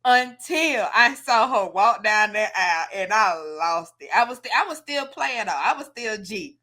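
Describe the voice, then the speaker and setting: Woman cohost, AAVE, bright voice, pitch all over, laughs and tears up while storytelling. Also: normal speed. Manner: animated storyteller, laughs and gets teary. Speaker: podcast co-host. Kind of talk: casual chat.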